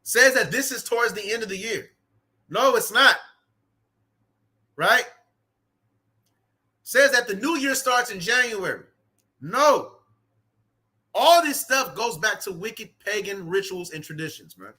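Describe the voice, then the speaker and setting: A man's voice: high-pitched, lively intonation, unhurried, pauses often, bright, forceful tone, slightly rough. A man preaching outdoors with fervor, reading scripture aloud and repeating "man" and "right" between lines. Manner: fervent, repetitive, peppered with "man" and "right". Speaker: street preacher. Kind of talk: impassioned sermon with scripture reading. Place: outdoors in cold weather.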